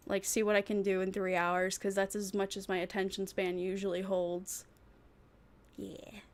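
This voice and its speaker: A woman's voice: mid-range voice, flat delivery, moderate pace. A woman VTuber chatting casually on a livestream, rambling and thinking aloud with frequent giggles. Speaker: VTuber streamer.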